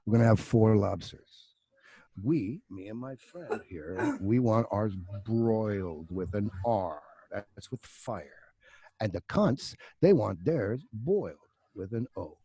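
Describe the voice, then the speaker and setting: An older man in his sixties playing a gruff, profane male biker who bullies his waiter, curt and menacing in his storytelling. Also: on the low side, lively intonation, fast talker, darkish tone, dry recording. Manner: curt, swearing, bullying.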